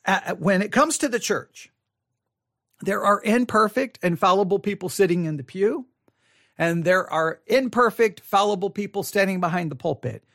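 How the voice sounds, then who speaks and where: A man's voice: sits high, lively intonation, normal speed, fairly bright tone, no echo. A man, a pastor, talking earnestly to the camera from a studio and thinking aloud with many restarts. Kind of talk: reflective monologue to camera.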